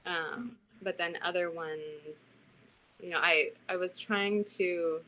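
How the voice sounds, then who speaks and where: A woman who narrates audiobooks, chatting casually about her recording work in a relaxed, talkative way. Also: on the low side, takes it slowly, slight background noise, poor audio. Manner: relaxed, chatty, with restarts and soft laughs. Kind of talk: casual conversation.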